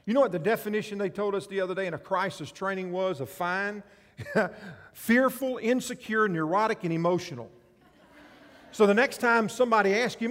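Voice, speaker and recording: A male pastor preaching a sermon, animated, swinging between loud passages and soft ones. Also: sits high, brisk, big-room sound.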